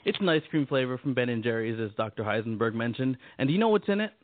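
A man's voice: mid-range voice, animated, fast talker, narrow, tinny audio. A man hosting a podcast, trading jokes and playfully defending himself against a co-host. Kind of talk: joking comedic banter.

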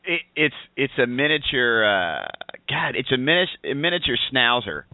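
A man's voice: mid-range voice, sing-song, moderate pace, gravelly. A man calling in as co-host to a talk radio show, joking and laughing often. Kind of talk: casual talk radio banter. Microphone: phone line. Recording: dry, tinny phone line.

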